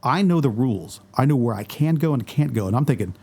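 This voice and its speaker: A man's voice: mid-range voice, fast talker, breathy edge. A man, a guest photographer in a casual podcast conversation, telling stories and acting out what others said. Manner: storytelling, animated quoting of others.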